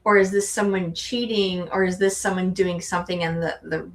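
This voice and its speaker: A middle-aged tarot co-host speaks in a lowish voice with a steady tone and moderate pace. Her casual chat wanders, and she frequently starts sentences over.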